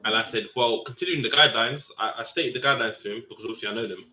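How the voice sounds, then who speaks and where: A man's voice: racing, a little hiss or hum. A man, a serving police officer, casually telling a story and acting out the other people's lines with a lifted voice. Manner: animated, acts out quotes with raised pitch. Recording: dull lo-fi sound.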